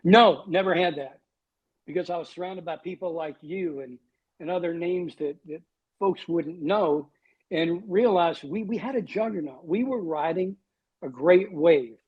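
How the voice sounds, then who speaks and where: A man's voice: sits high, a little slow, breathy edge, highs cut off. A man in his sixties, a guest on a podcast, telling wry, self-deprecating stories. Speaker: guest, TV weatherman. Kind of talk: storytelling in a podcast interview.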